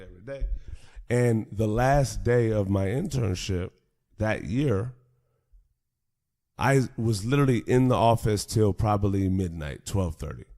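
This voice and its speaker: A man in his twenties, a podcast host telling a story in a casual, animated way, swearing freely and laughing often. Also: fairly low pitch.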